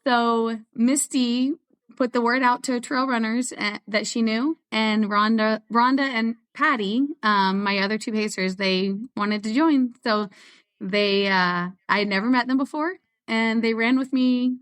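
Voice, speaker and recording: Woman guest, high-ish, talkative, laughs easily through her stories. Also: a little slow, fairly bright tone, clear, resonant tone. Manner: chatty, laughs often while telling stories. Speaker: guest ultrarunner. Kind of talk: casual interview chat.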